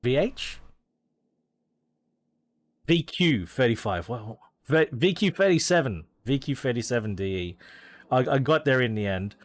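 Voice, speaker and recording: A man's voice: mid-range voice, expressive, measured pace, long pauses. An Australian man chatting casually as he streams a racing game, rambling with hesitations and restarts. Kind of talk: casual gameplay commentary.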